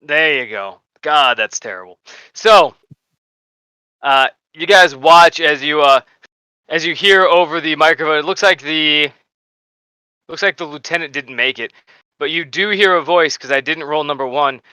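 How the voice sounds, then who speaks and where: Bright-voiced man game master. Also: a little high, a little slow, clear, resonant tone, no room sound. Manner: casual, rambling with fillers. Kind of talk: narrating a tabletop game.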